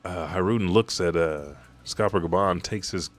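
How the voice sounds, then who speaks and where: A man with a low, deep voice talks through a comic chapter panel by panel. His delivery is casual and energetic, full of swearing and sound effects. He sounds like a relaxed fan-channel host. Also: moderate pace. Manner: loose, profane, energetic play-by-play. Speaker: YouTube manga recap host. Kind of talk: casual chapter recap narration.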